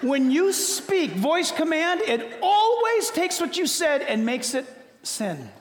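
Older male pastor, high voice, humorous and animated sermon delivery in a reverberant hall. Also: slow. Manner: humorous, animated storytelling with sudden drops to quiet. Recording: echoey hall.

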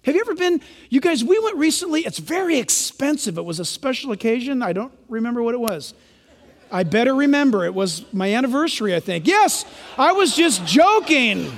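High-voiced animated male pastor, echoing hall. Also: fast. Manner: animated, joking, acts out quotes. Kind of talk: sermon. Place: large church.

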